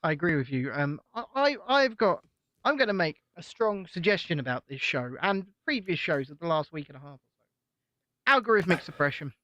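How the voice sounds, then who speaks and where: Blunt, swearing male co-host, high and sharp-toned, dry close sound. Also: lively intonation, brisk, dry recording, muffled recording. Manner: blunt, opinionated, swears freely. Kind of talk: irreverent casual chat.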